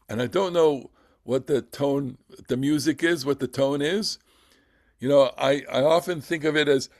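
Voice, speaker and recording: A man's voice: medium pitch, moderate pace, dry recording. Guy teaching a text class, theatrical, keeps restarting words, dry close sound. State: emotional, voice catching. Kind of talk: text study class, reading and commenting.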